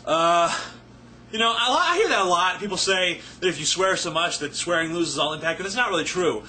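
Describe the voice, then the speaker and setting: A man's voice: sits high, lively intonation, brisk, sharp tone, a little hiss or hum. A man ranting profanely and sarcastically to camera as he answers viewer questions, rambling and a little drunk. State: tipsy, not sober. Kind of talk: casual rant to camera.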